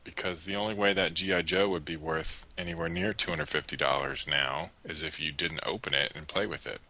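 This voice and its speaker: A man co-hosting a casual podcast, teasing in a deadpan way and swearing freely. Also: extremely low pitch, brisk. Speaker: podcast co-host. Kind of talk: casual banter.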